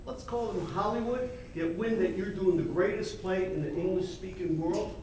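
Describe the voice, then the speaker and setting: An actor playing a brash, fast-talking male Hollywood agent in a live stage play, pushing with salesman patter. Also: high voice, a little mellow, a little hiss or hum, natural voice. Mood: pushy. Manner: pushy, wisecracking salesman patter. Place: theater stage. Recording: echoey stage from far off.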